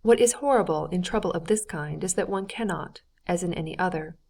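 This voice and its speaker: A woman voicing a cold, formal nobleman in an audiobook, measured and restrained in delivery. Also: fairly low pitch, gravelly, a little mellow. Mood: bitter. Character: cold, stiff, wounded older nobleman. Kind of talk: audiobook character reading.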